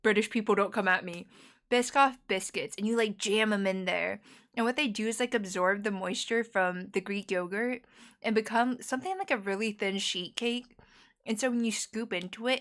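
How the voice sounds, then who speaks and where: A young American woman streaming and chatting casually. She rambles cheerfully, laughs often and keeps up a steady, chatty flow. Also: mid-range voice, normal speed. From United States. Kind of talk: casual chat.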